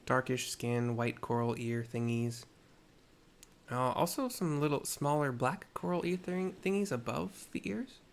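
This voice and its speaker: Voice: medium pitch, measured pace. A gamer casually narrating a story game and describing what is on screen, with offhand, self-mocking asides.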